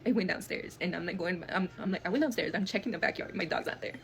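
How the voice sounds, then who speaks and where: In a storytime video, a young woman with a fairly low voice tells a personal story fast, emotionally and profanely, acting out what people said. A little hiss or hum sits under the recording.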